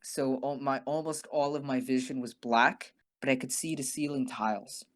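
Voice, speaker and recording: A young man co-hosting a podcast, telling a story in a rambling, animated way with many restarts and some swearing. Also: mid-range voice, moderate pace. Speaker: podcast co-host. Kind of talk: casual storytelling.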